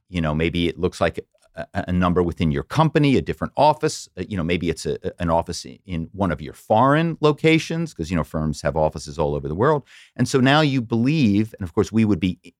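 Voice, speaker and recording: A middle-aged man from the Philadelphia area, an animated storyteller who slips into quoted voices as a podcast guest. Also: low-pitched, no echo, clean studio sound. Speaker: podcast guest, former corporate spy. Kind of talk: casual interview storytelling.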